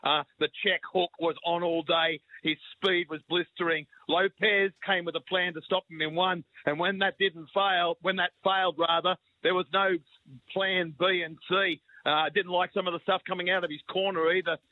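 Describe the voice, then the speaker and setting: Male podcaster, flat tone, dry tinny phone. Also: sits high, normal speed, no echo. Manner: amazed but analytical. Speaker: podcaster, radio caller. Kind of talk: phone-in boxing analysis.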